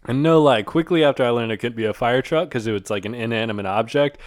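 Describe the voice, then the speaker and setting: A man's voice: medium pitch, fast talker, no echo. Young man, podcast host, crude rambling jokes, dry close sound. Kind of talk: casual comedic banter.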